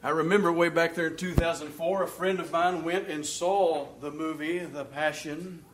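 A man preaching a sermon, reading scripture aloud, asking rhetorical questions, and swinging between loud emphasis and hushed asides. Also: fairly high pitch, fairly even intonation, moderate pace, a little hiss or hum. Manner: asks the congregation rhetorical questions.

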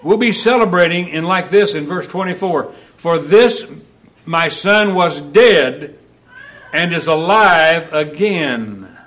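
In a church, a man with a slightly high voice preaches a sermon, moving between loud, emphatic Bible reading and quiet, direct questions for the congregation. He's animated but takes his time.

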